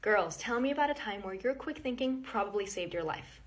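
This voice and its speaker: A woman's voice: mid-range voice, animated, fairly quick. A woman casually telling a personal story, chatty and addressing viewers directly.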